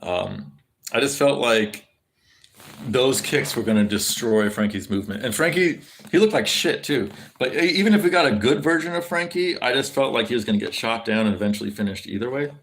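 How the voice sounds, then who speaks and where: Gravelly man rambling on a stream. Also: mid-range voice, lively intonation, a little fast, fairly bright tone. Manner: rambling, profane, many fillers and restarts; answers viewers' chat. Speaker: livestreamer. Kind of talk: casual stream chat.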